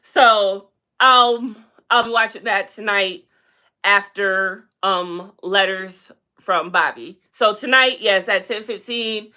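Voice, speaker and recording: Sassy, bright-voiced woman live-streaming gossip. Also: takes it slowly. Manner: sassy and blunt, with big pitch swings; chatty, calls out to viewers. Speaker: livestream host.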